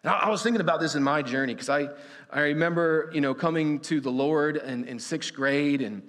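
Earnest preacher in a reverberant hall. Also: male voice, on the high side, brisk, fairly bright tone. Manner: earnest, conversational, many restarts and fillers. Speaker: pastor. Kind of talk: sermon. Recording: long reverb of a church hall.

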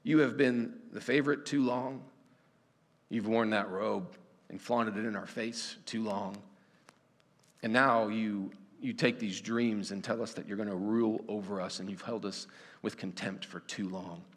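A man preaching voices resentful older brothers who accuse their favored sibling in a low, quiet tone. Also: fairly even intonation, a little slow. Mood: accusing. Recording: long reverb of a hall.

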